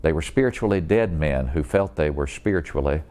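A man with a low, deep voice delivers an evangelistic sermon. His preaching is earnest and deliberate, and he presses his listeners with searching questions. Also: expressive, dark tone.

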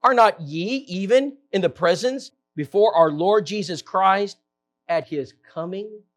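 A man preaching a Bible-teaching sermon, reading scripture aloud in slow, stressed phrases and rising in pitch and volume for emphasis.

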